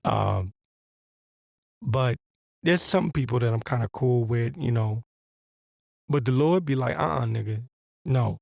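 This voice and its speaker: Man, gravelly voice, dry close sound, blunt profane religious rant, rambling. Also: mid-range voice, expressive, slow, long pauses, darkish tone, no room sound. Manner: rambling with restarts. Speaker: podcast host. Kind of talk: religious commentary monologue.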